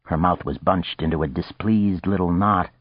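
A male audiobook narrator with a low, husky voice who reads in a steady, deliberate way. He is recorded close and dry, and the audio sounds slightly dull and muffled. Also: dry recording. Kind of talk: scripted narration of a novel.

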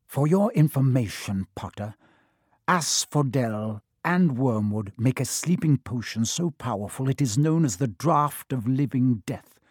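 A man's voice: medium pitch, expressive, a little slow, a little mellow, breathy edge, no echo. Male reader voicing a sneering storybook potions master, cold and dry. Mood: lecturing. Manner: cutting and contemptuous.

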